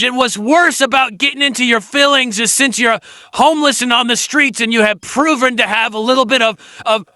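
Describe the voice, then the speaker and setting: A man's voice: extremely high pitch, bright, forceful tone, no echo. A male commentator giving blunt, scolding reaction commentary.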